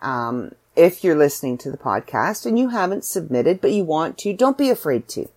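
Chatty low-voiced Canadian woman. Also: moderate pace. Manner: chatty, animated storytelling with voiced asides. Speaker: podcast host and author. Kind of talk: casual solo podcast monologue.

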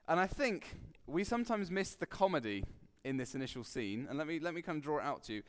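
A man giving a relaxed, conversational sermon, joking and acting out quotes with sudden loud bursts. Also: fairly high pitch, fast talker, clean tone. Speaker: preacher. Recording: long hall reverb.

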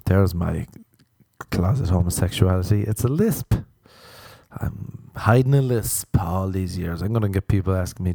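A man's voice: deep voice, normal speed, creaky, dark tone, no room sound, studio quality. A young man hosting a solo comedy podcast, rambling through irreverent, sweary jokes. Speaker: podcast host.

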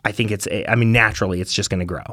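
A man's voice: on the low side, steady tone, racing, bright, forceful tone, no echo, studio quality. A man co-hosting a podcast in casual chat, talking with eager enthusiasm and rambling, with plenty of "you know" fillers. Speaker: podcast co-host.

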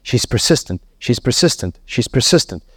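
A man's voice: mid-range voice, sing-song, normal speed, fairly bright tone, husky, dry recording, clean studio sound. A man preaching a sermon, emphatic and repetitive, voice climbing sharply on key words.

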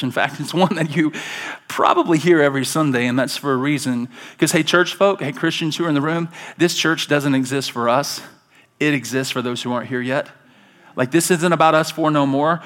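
A man, a pastor, preaching a conversational sermon at a church service, moving from quiet asides to emphatic calls. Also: on the high side.

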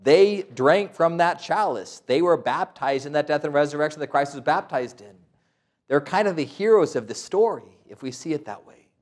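A man's voice: fairly high pitch, expressive, moderate pace. A middle-aged man, a priest, preaching a sermon with stories, asides and quoted voices.

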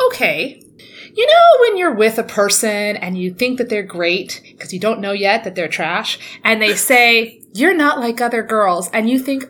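A young woman co-hosting a casual book-club podcast with a bright, slightly high voice. She talks in an animated, outspoken way, swearing freely and throwing herself into the reactions she quotes. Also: moderate pace. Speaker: podcast co-host.

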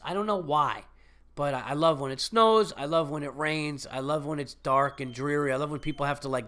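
A man with a cold hosts his own podcast in a casual solo monologue, rambling, swearing and chatting away. He's a comedian, and his mid-range voice comes across bright and forceful.

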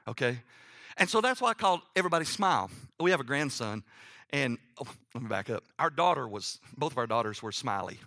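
Animated middle-aged pastor with a bright voice. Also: male voice, a little fast. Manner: animated storytelling with sudden drops to a hushed, low voice; reads scripture aloud, acting out the characters' lines. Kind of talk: sermon.

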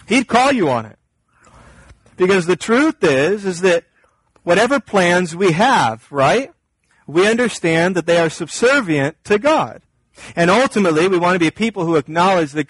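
A man preaching a sermon, reading scripture and explaining it earnestly, his voice climbing and growing louder when he presses a point. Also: lively intonation, normal speed, breathy edge, no echo, low-quality recording. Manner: earnest preaching, rises in pitch and volume when stressing a point. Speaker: pastor.

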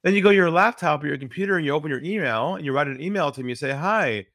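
A man's voice: animated, very fast, a bit bright, no room sound. Male podcast guest, sales trainer; earnest storyteller, dry booth sound. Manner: earnest, drops his voice low for stories.

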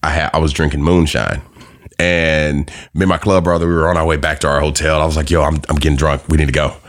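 A man's voice: rumbling low, flat delivery, fast talker. A man telling loose, profane stories in a casual podcast chat, laughing as he goes. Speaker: podcast guest.

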